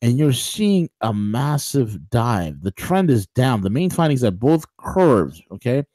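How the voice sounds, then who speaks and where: A man's voice: medium pitch, sing-song, a little slow, dark tone, no echo, rough recording. A man co-hosting a political talk show, ranting emphatically with rhetorical questions and frequent restarts. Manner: many restarts and fillers. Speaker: show co-host.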